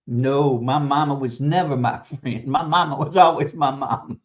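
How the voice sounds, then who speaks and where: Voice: medium pitch, fairly even intonation, moderate pace, dull audio. A stream host who works as a teacher, giving a casual advice monologue about raising children, talking emphatically, repeating words for stress and chuckling between points.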